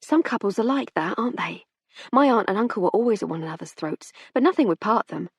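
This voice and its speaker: A woman's voice: mid-range voice, quick pace, husky, dry recording, pitched above the performer's own voice. A woman voicing a wry aristocratic lady. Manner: wry, arch, lively. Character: witty, dry aristocratic lady. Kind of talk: audiobook character reading.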